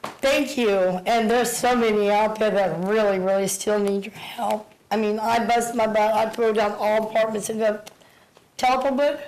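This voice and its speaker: A woman in her fifties speaks at a city council meeting. She is audibly out of breath, and her talk is emotional and halting, with words often repeated. Her voice sits at a middle pitch. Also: fairly even intonation, a little mellow, low-quality recording. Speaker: public commenter. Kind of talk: public comment at a council meeting.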